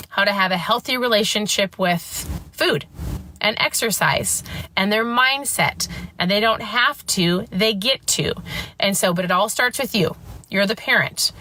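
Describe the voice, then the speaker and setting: A woman's voice: mid-range voice, sharp tone. A woman in her thirties hosting a casual talk to camera, emphatic and ranting, often asking "guess what". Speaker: host.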